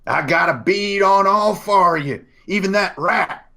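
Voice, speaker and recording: A man doing a gruff hidden gunman's threat. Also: sits high, steady tone, slow pace, a bit bright, pitched above the performer's own voice. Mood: threatening. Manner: menacing drawl.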